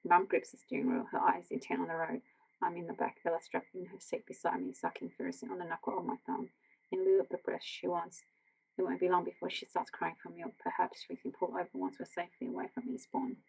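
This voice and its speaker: An Australian woman reading a novel aloud as a bedtime story, in a quiet, gentle voice that slips into whispers. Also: lowish voice, monotone, a little fast, creaky, poor audio. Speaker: audiobook reader.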